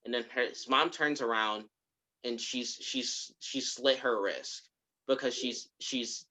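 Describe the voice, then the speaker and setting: A podcast co-host in casual chat, retelling a movie scene by scene as an animated storyteller. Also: mid-range voice, slow. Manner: animated storyteller who acts out the characters' lines.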